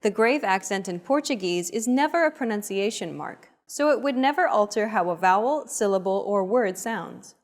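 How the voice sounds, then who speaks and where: A woman giving scripted explanations in a language lesson, in a plain, even tone. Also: mid-range voice, normal speed, hardly any pauses. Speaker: narrator.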